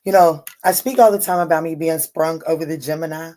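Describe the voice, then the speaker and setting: Low-voiced woman hosting a livestream. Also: steady tone, a little fast, mellow. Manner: talks straight to viewers and greets them by name from the chat; heartfelt, blunt and swears freely. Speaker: tarot reader hosting a late-night livestream. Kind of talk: casual livestream chat.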